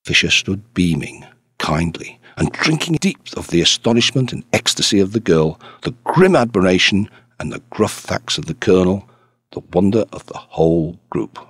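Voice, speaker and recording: A male audiobook narrator reads with expressive storytelling and a low, husky voice. His pitch moves widely through the phrases. The recording is close and dry, with no room sound. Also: moderate pace, dry recording. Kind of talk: scripted narration.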